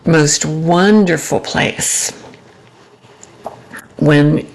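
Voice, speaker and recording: A woman giving relationship advice to camera in a soft-spoken, reflective way, pausing often with ums. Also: low-pitched. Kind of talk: reflective personal talk to camera.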